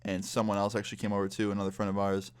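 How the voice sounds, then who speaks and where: A man of about twenty, a vlogger telling a story in casual storytime style, swearing freely and retelling it in a lively way. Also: fairly low pitch, racing, clear, resonant tone.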